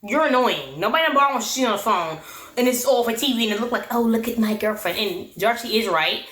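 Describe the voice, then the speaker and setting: A woman's voice: on the high side, animated, fast, sharp tone, echoey room. Sassy young woman recapping reality TV. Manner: sassy, exasperated, quoting people in mock voices. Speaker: TV recap host. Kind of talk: casual recap commentary.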